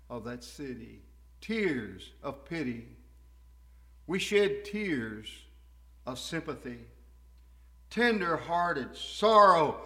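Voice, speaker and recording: A man preaching a sermon, his delivery swinging from hushed, tender lows to ringing, fervent highs. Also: sing-song, takes it slowly.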